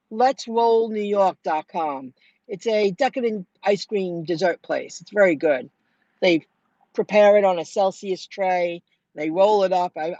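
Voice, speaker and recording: A woman's voice: medium pitch, no room sound. Chatty woman vlogger, dry dull sound. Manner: chatty, animated retelling with quoted dialogue. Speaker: food delivery driver vlogger. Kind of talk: casual storytelling to viewers.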